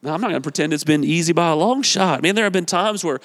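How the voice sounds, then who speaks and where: A man's voice: a little high, fast. A male pastor preaching a sermon with energy, urging the congregation on and repeating his phrases. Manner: energetic, exhorting, repeats phrases, acts out quotes. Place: church sanctuary. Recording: long reverb of a large hall.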